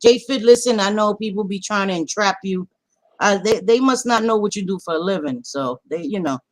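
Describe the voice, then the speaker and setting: A woman talks straight to her livestream viewers in a mid-range voice, lively and loose, calling them by pet names and dropping swears without pause. Her chat is casual and direct. She sounds like someone talking from home to people she knows well. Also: mid-range voice. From Latina. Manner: animated, swearing, affectionate nicknames. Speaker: livestream host.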